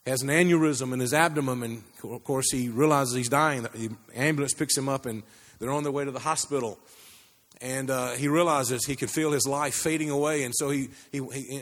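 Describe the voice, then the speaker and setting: A man preaching a sermon, telling a story with many restarts and climbing pitch as he builds. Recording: long hall reverb.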